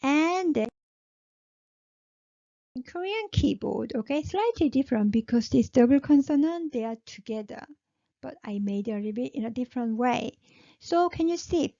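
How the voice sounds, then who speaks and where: A woman's voice: high voice, lively intonation, normal speed, gravelly, warm tone, no echo. A woman teaching a language lesson, who repeats each syllable patiently and keeps checking in with "okay?". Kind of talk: slow spoken lesson with repeated drills. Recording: dull, muffled lo-fi sound.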